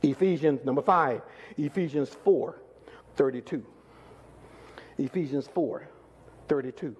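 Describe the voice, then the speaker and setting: A man preaching a call-and-response sermon, pressing the congregation with repeated questions and swinging between loud calls and quiet asides. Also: fairly high pitch, unhurried, highs cut off, a little hiss or hum. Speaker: pastor. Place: large church sanctuary. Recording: echoey church hall.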